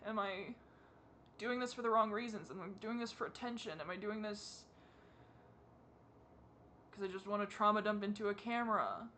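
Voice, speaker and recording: A young adult vlogger with a high, feminine-sounding voice that has a bright, tense edge. They are crying as they talk straight into a camera mic. Faint room noise hums behind the halting, self-doubting questions.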